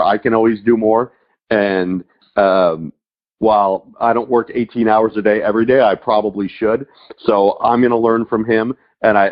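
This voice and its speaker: Podcast host, man, lowish voice, encouraging, loose rambling questions, dull audio. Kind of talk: interview conversation.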